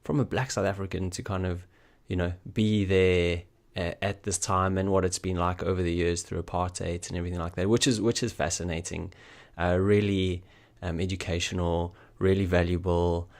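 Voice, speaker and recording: Man, very deep voice, podcast co-host, friendly, lots of fillers. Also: flat delivery, moderate pace. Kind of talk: casual chat.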